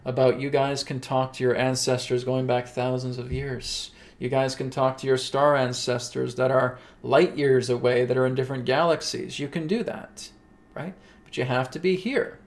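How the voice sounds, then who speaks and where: A man hosting a spiritual gathering, explaining breathing practice in quick, conversational talk with frequent check-ins to listeners. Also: mid-range voice, steady tone. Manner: quick, conversational, keeps asking "right?". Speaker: spiritual teacher and host. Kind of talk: casual spiritual teaching.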